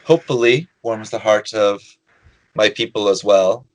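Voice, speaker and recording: A man voicing a gentle, hesitant female lizardfolk queen in a tabletop game, speaking formally and haltingly. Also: on the low side, no room sound, lightly acted, rough recording. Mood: courteous. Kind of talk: tabletop role-play.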